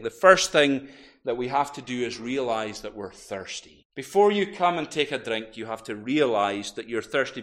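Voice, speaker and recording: A man preaching a sermon in church, animated and building to loud cries as he quotes. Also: mid-range voice. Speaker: minister.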